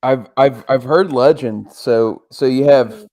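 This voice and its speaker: A man's voice: mid-range voice, takes it slowly, darkish tone. A man co-hosting a podcast who asks questions in a loose, playful, chatty way. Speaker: podcast co-host. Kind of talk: casual comedic podcast chat.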